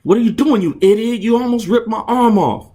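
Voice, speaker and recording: A man voicing a brash heavyweight champion fighter in a comic read-through, yelling in outrage. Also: high-pitched, lively intonation, normal speed, pitched above the performer's own voice. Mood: outraged. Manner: shouting, outraged. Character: brash adult male heavyweight boxing champion.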